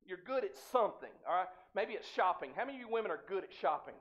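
A man preaching from the pulpit, sliding into the voices of the people in his story and throwing questions out to the congregation. His delivery is lively and storytelling-driven, caught on a somewhat dull, muffled recording. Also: high voice, quick pace. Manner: dramatic retelling, acting out dialogue, asks the congregation questions. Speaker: pastor. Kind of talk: sermon. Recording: muffled, slightly lo-fi church recording.

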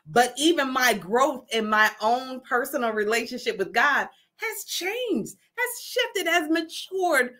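A middle-aged woman from New Jersey hosts a casual motivational talk. She is folksy and emphatic, asks "okay?" often and laughs a lot. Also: on the high side. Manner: laughs often, lively asides; says her voice carries and commands attention. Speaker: host.

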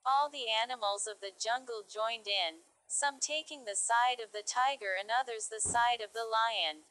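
A woman with a fairly bright voice on the high side reads stories aloud slowly and carefully for English learners. She keeps a moderate, clear pace, though the recording is rough.

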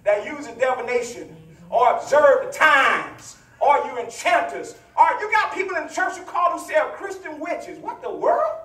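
High, lively preacher echoing through a church. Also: male voice, normal speed. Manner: animated, playful, hollering and teasing the congregation. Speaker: pastor. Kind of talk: teaching sermon with congregation call-and-response. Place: church sanctuary. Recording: echoey church, voice from far off mic.

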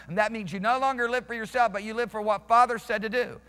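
A man's voice: high-pitched, steady tone, fast, hardly any pauses, pushed and bright, clear, resonant tone. A male pastor preaching a sermon emphatically, restarting phrases and questioning his congregation. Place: church sanctuary. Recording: reverberant church hall.

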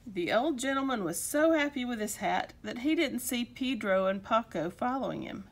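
A woman reading a children's picture book aloud with expressive storytelling delivery. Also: a little high, moderate pace. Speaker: storybook reader.

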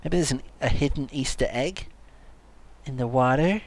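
A man hosting a comedic let's-play, excitable, silly and teasing as he talks over the game. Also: medium pitch, normal speed. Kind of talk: comedic gaming commentary.

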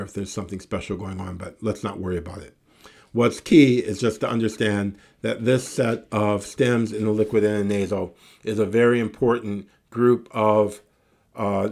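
A man giving a recorded Greek lesson, reciting word forms slowly and deliberately and encouraging his students. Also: lowish voice, a little mellow. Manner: encouraging sign-off. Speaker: Greek teacher.

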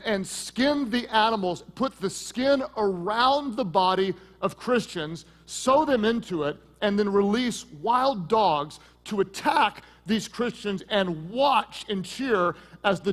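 Pastor guy preaching, fairly high voice, goes loud then real quiet and intense. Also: in a large hall. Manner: dramatic swings between loud emphasis and hushed intensity; storytelling with quick asides. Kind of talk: sermon.

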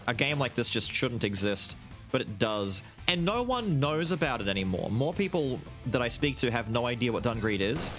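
Excitable young man with lively pitch. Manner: excitable, exclamatory, says "dude" often. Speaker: gaming video host. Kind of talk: excited gameplay commentary.

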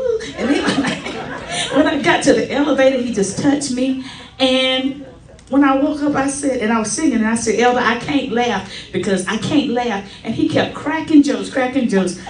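A woman's voice: fairly high pitch, far from the mic. Middle-aged woman telling stories in an echoey church. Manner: lively storytelling, acting out quotes. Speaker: church member giving a tribute. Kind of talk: personal testimony at a church service. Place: church sanctuary.

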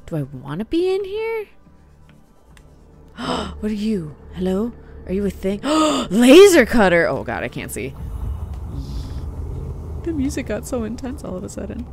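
A woman's voice: mid-range voice, huge pitch swings, a little slow, creaky, pauses often, warm tone, faint music behind. A woman hosting a gaming video, giving let's-play commentary and reacting aloud with gasps and small whispered asides.

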